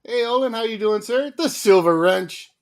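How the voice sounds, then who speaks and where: A man co-hosting a casual livestream, lively and quick to laugh as he greets viewers by name. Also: high voice. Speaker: livestream co-host.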